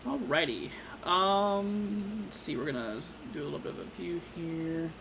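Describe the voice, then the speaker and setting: A young man hosting a live severe-weather stream, talking casually with lots of fillers and halting restarts while reading viewer comments. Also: on the high side, animated, vocal fry, background noise. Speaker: livestream weather host.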